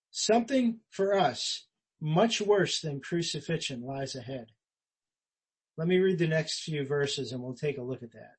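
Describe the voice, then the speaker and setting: A man preaching a sermon as pastor, earnest and conversational, rising for emphasis and dropping quiet. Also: a little high, expressive, a little slow, husky, rough recording. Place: church.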